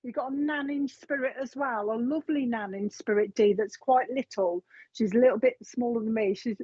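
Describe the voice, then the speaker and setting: Husky woman, chatty psychic medium. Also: a little high, normal speed, mellow, no echo. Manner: chatty, relays spirit messages. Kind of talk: live reading on a streamed show. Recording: dull, lo-fi stream audio.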